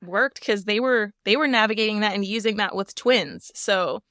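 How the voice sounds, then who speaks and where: Smooth-voiced chatty woman host. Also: mid-range voice, moderate pace, no room sound, studio quality. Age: 30s. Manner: chatty, warm-hearted, laughs often, many "like" fillers. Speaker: podcast host. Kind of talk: casual conversation.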